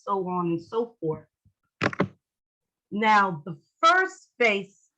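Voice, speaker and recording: A woman's voice: medium pitch, a bit bright, rough recording. A woman leading an online class in a lecture style. She is playful and acts out facial expressions with joking lines. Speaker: instructor.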